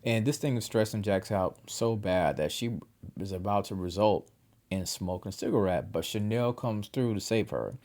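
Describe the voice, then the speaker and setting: Host voice: man, lowish pitch, slangy and chatty, animated TV episode recap. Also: normal speed. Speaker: TV show reviewer.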